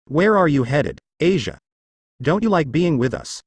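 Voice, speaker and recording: A man's voice: a little high, big pitch swings, unhurried, slightly rough, dry recording, pitched above the performer's own voice, exaggerated voice. A man voicing a sadistic female fallen angel who taunts and teases. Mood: taunting. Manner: taunting, teasing delivery.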